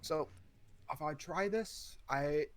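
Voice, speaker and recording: A man's voice: on the high side, takes it slowly. A man playing a tabletop game, hesitant and stammering as he speaks for his character. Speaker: player. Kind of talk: casual tabletop play.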